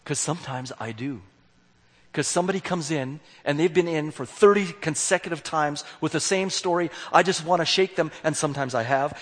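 A man's voice: on the high side, a little fast, a bit bright. A man giving a candid, self-deprecating sermon as a youth worker, acting out his own dialogue. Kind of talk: sermon with storytelling. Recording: long hall reverb.

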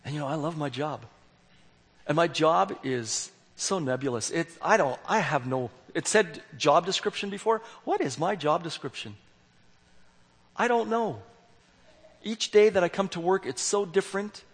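Husky man preaching in a reverberant hall. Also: a little high, animated, moderate pace. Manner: candid, self-deprecating, acts out dialogue. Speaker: youth worker preaching. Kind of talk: sermon with storytelling.

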